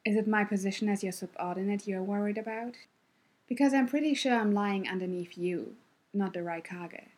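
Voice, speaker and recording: A prickly young courtier snaps back in hushed, whispered role-play, as a woman voices him. His breathy tone stays low and guarded. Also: moderate pace, natural voice. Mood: defensive. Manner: hushed, snappish.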